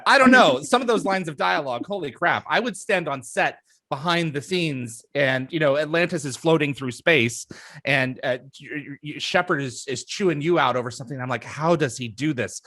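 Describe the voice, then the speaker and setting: A man's voice: fairly high pitch, moderate pace, sharp tone. A man hosting an interview, earnest and fan-like, who reads out listener questions and explains at length. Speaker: podcast host. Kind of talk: casual interview chat.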